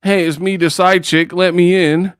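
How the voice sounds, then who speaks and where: A man's voice: high voice, flat delivery, normal speed, clear, resonant tone, no room sound, studio quality, voice pushed up, natural voice. A man putting on a whiny, pleading mistress trying to get into a hospital room.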